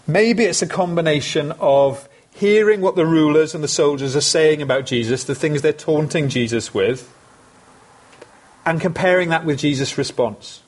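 A man's voice: fairly high pitch, moderate pace. A man preaching a sermon, earnest and emphatic, repeating phrases for stress.

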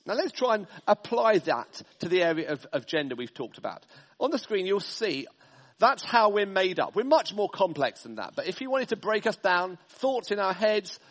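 A man's voice: sits high, in a large hall. A man preaching a sermon, working through slides with emphatic, list-like stresses. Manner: emphatic, speaks in stressed lists.

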